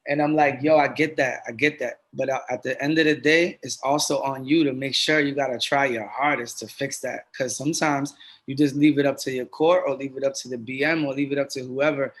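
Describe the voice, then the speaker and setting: A man's voice: medium pitch, fairly even intonation, brisk, fairly bright tone. A middle-aged man talking earnestly and casually as a podcast guest, streetwise and given to repeating himself. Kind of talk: casual conversation.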